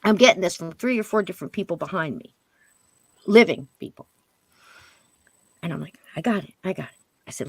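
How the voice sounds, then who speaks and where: A woman telling a spirit story as a guest medium on a paranormal interview show, acting out what she and others said and dropping into a hush at times. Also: fairly low pitch, brisk, creaky, pauses often, slightly rough, dry recording. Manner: animated, quotes spirits and herself in hushed voice.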